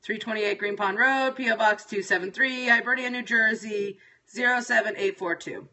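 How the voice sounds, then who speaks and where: A middle-aged woman talking off the cuff to her livestream audience, exasperated and freely profane. Her voice sits a little high and sounds bright and forward. She drifts from thought to thought in a loose, scattered chat. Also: steady tone, normal speed. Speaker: livestream host. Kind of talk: casual livestream chat with viewers.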